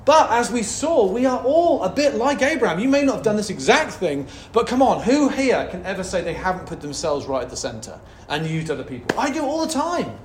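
Man, pastor, passionate conversational sermon, fairly high voice, echoey room. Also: very animated, fairly quick, few pauses, a little hiss or hum. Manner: passionate, conversational preaching with asides. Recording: roomy echo.

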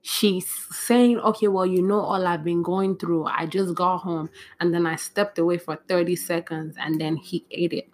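A woman hosts a casual solo podcast, rambling from point to point and restarting her sentences. She sounds flustered and frustrated, and her speaking voice sits on the lower side. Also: fairly even intonation, moderate pace, hardly any pauses, a little hiss or hum. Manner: rambling, scattered, restarts often. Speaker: podcast host.

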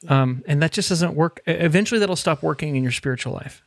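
A man's voice: a little high, fast, no room sound, clean studio sound. A man co-hosting a casual spiritual conversation, plain-spoken and lightly humorous. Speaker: podcast co-host.

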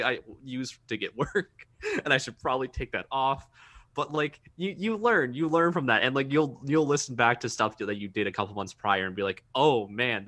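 A young man from Minnesota chats casually about voice acting. His voice is bright and forward at a middling pitch, and he rambles with frequent fillers and restarts. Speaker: voice actor. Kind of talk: casual podcast chat.

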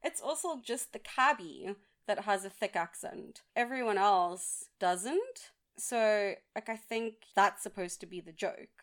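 A woman's voice: mid-range voice, expressive, unhurried. A woman co-hosting a casual film podcast, speaking frankly and recapping the plot plainly. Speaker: podcast co-host. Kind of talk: casual chat.

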